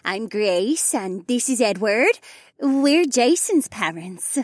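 A man's voice: high-pitched, big pitch swings, slow pace, no echo, clean studio sound, voice pushed up, exaggerated voice. A man voicing a nervous, doting mother who fusses over her son. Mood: fond. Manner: fluttery, emotional. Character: anxious, doting middle-aged human mother.

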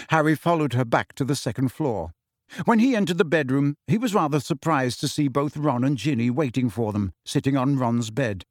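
Lively, expressive male storybook narrator. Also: mid-range voice, normal speed, dry recording, clean studio sound. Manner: expressive, voices each character. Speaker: audiobook narrator.

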